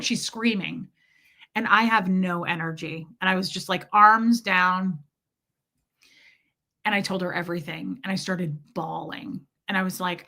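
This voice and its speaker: A woman's voice: mid-range voice, takes it slowly, gravelly, sharp tone. A woman in her thirties telling a candid personal story to her live chat, swearing freely and answering viewers by name. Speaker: streamer.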